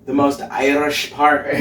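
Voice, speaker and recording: A man's voice: mid-range voice, unhurried. Sassy man hosting a home cooking video. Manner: sassy, talks to himself while cooking. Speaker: cooking show host. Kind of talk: casual cooking demonstration. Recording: roomy echo, far from the mic.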